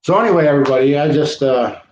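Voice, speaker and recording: A man's voice: fairly high pitch, fast, a little mellow, a little hiss or hum. Emphatic ranting man on a livestream. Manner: emphatic, repetitive insistence. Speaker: livestream host. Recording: roomy, dull lo-fi livestream audio.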